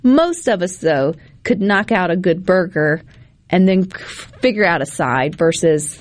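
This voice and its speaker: A woman's voice: fairly low pitch, expressive, dry recording. Chatty radio co-host woman. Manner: chatty, folksy, quick asides. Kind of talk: casual radio talk.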